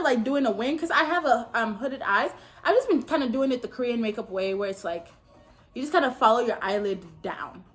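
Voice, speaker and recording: A young woman in her twenties tells a dating story at home while she does her makeup. Her delivery is sassy and animated, and she jumps into loud, high outbursts. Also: moderate pace, soft background music. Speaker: beauty vlogger.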